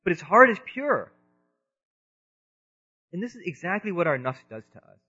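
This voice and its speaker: A man in his thirties giving an earnest religious lecture, moving between loud emphasis and quiet asides, in a dull lo-fi recording. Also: sits high, sing-song, moderate pace, breathy edge, soft background music. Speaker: preacher.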